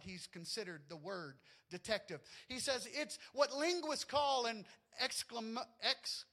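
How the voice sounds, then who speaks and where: A man's voice: sits high, pushed and bright. A man with a Southern US accent preaching a sermon to his congregation in a church, folksy and joking with them. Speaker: pastor.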